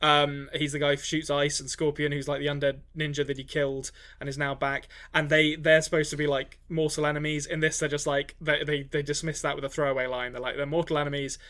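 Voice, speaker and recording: A man co-hosting a casual movie podcast, his voice bright and a touch high. He rambles, restarting sentences and filling gaps with ums as he reviews a film. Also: little pitch movement, a little fast, few pauses. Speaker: podcast co-host.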